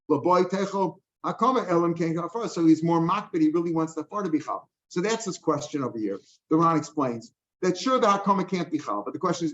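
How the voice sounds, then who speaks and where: Older male Talmud teacher, slightly high voice, conversational, checks in often, dull lo-fi sound. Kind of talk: explaining a Talmud page line by line. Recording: dull lo-fi recording.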